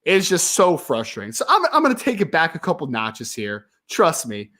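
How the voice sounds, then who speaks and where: A young sports podcast host runs a live talk stream, ranting with emphatic frustration before calming down. His pitch swings widely as he presses his points at a moderate pace, talking casually and directly to viewers.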